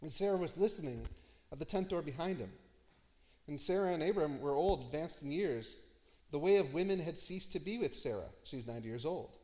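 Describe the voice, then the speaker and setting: A man preaching an expository sermon, telling the story with lively asides and dropping low and quiet for emphasis. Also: a little fast, long reverb tail. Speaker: pastor.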